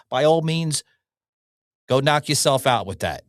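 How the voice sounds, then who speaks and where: A man's voice: medium pitch, expressive, a little slow, long pauses, no echo, clean studio sound. A man hosting an opinion podcast, ranting heatedly with lots of swearing and slogans repeated over and over. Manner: profane, fired-up and repetitive; hammers on short slogans. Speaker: podcast host.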